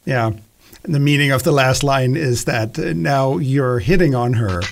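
A man's voice: mid-range voice, moderate pace, vocal fry, slight background noise. A man directing a rehearsal and narrating stage directions, speaking hesitantly with many fillers. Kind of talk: casual rehearsal talk.

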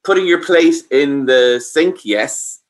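A parenting expert offers advice in a medium-pitched, expressive voice, taking it slowly. He explains patiently and checks that the listener is following, asking "does that make sense?"

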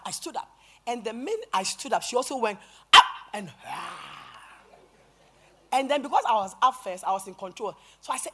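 A woman preaches in a church sanctuary, her voice breathy and a touch raspy. She tells her story with energy, acting out what people said and building to loud, forceful moments. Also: mid-range voice, brisk. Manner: animated storytelling, acting out quotes, rising to shouts. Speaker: pastor. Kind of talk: sermon.

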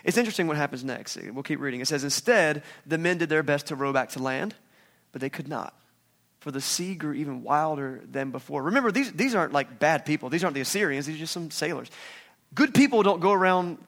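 A man preaching a casual sermon, lively and animated, acting out the voices of the people in the story. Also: fairly high pitch, fast. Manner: animated, acts out quoted voices. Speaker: pastor.

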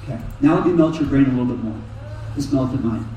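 A man preaching a sermon in a lively, animated way. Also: mid-range voice, quick pace, dull audio, slight background noise. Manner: animated preaching, voices Jesus and Peter in quotes. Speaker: pastor. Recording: echoey hall, mic far off.

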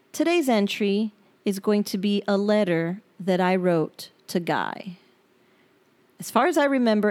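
A woman's voice: mid-range voice, darkish tone. A woman hosting her own podcast, talking in a candid, reflective and rambling way. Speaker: podcast host. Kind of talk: personal podcast monologue.

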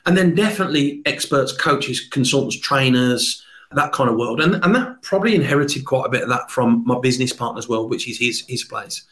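A man's voice: medium pitch, animated, fairly quick, fairly bright tone. A man with a Birmingham accent, talking as a sales trainer guest in an upbeat, talkative podcast interview.

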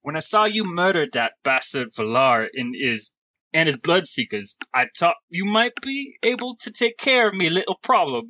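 A man voicing a rough-spoken small folk character in a clumsy put-on English accent. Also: a little high, big pitch swings, extremely slow, long pauses, bright, forceful tone, heavily acted. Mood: scheming.

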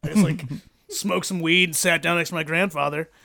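A man guest on a podcast, telling a long story in a casual, animated way, swearing and laughing often. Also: fairly high pitch, normal speed, creaky.

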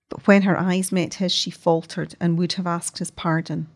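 A woman narrating a story as an audiobook in a measured, expressive way. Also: on the low side.

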